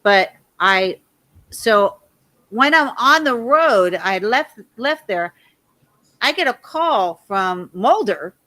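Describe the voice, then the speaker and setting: A woman in her fifties, a guest telling a long rambling story in a loud, animated way and laughing often. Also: on the high side, slow pace.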